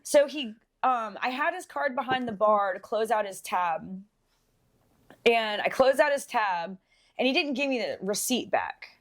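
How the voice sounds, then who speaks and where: A young woman co-hosting a podcast, telling a bartending story in a casual, swearing, animated way. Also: fairly high pitch, a little slow. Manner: swears freely, animated when quoting people.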